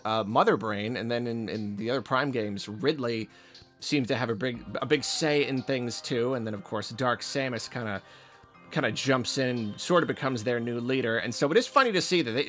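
A man's voice: medium pitch, normal speed, fairly bright tone, soft background music. A man hosting a video game channel, giving enthusiastic, rambling reaction commentary on a trailer. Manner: enthusiastic, rambling with fillers and restarts.

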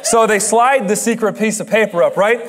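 A young man giving a chatty, joking sermon that tells a story and builds to shouted emphasis. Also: high voice, moderate pace, a little hiss or hum. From Dutch heritage. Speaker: guest preacher.

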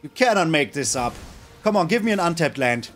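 A male host commentates his own card game matches, reacting loudly with shouts and groans. His voice sits high and leaps around wildly, with soft music under it. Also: a little fast. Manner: animated, exclaims and groans at plays. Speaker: gaming channel host. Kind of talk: live gameplay commentary.

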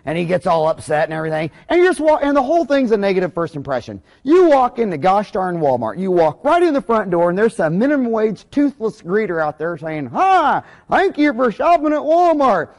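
A man with a high voice for a male speaker delivers a recorded business lecture as a dentist. He talks in a rambling, blunt, folksy way, jumping from one anecdote to the next. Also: sing-song, fast, few pauses, a little mellow.

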